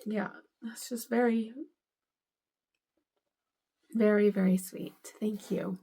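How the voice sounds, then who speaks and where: Slow, gravelly-voiced woman gushing over gifts. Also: mid-range voice, steady tone, dark tone. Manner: gushing, emotional, tearful at times. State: teary. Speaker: vlogger. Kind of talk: casual unboxing vlog.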